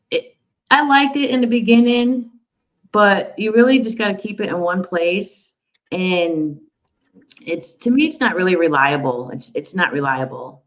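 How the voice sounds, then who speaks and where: A woman guest in a casual video-call chat, plainspoken and lively when explaining. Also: fairly low pitch, poor audio.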